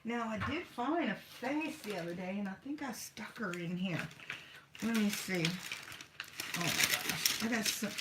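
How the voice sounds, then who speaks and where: A woman's voice: medium pitch, heavy background noise. A woman talking casually as she works on art journals at her craft table, rambling and talking to herself as she goes. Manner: rambling, chatty, talks to herself while working. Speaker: craft vlogger.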